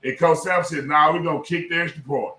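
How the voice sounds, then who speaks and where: Brief: middle-aged man, ex-football coach, emphatic and profane storyteller, slightly raised pitch, echoey room, voice a bit far from the mic. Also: steady tone, fairly quick, very noisy. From South Dallas, Texas. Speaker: former high school football coach. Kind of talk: casual podcast storytelling.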